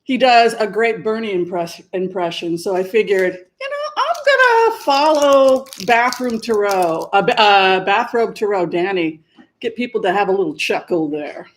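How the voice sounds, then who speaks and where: A woman's voice: medium pitch, lively intonation, normal speed. A woman hosting her tarot channel, chatting in a rambling way and correcting herself as she goes. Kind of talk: casual chat.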